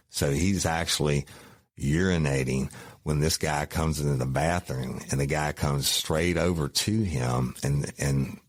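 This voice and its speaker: A middle-aged former police officer hosts a podcast, casually telling a profane, folksy story and addressing listeners as y'all. He has a bass voice, and the recording is dry with clean studio sound.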